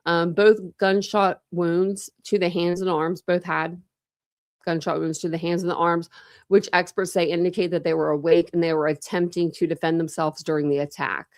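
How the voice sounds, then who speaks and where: A woman's voice: on the low side, little pitch movement, normal speed, no room sound, clean studio sound. A woman hosting a true crime livestream from home, talking casually with lots of fillers and restarts. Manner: chatty, rambling, many fillers and restarts. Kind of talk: casual live-stream case rundown. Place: home room with pets.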